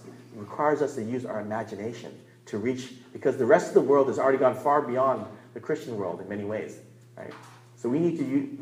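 A man's voice: medium pitch, darkish tone. A man teaching as a pastor in a church room, earnest and emphatic, stressing and repeating key words. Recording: echoey room.

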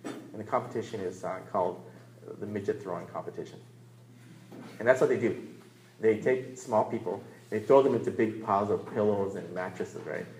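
A man's voice: lowish voice, normal speed, a little mellow, slight background noise. A man teaching as a pastor in a church room, earnest and emphatic, stressing and repeating key words. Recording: echoey room.

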